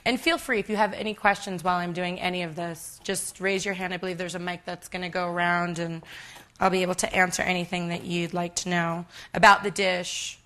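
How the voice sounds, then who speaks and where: A woman's voice: fairly low pitch, fairly even intonation, brisk, a bit bright. A woman in her thirties giving a live cooking demonstration on a conference stage, chatty and self-deprecating with many ums. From United States.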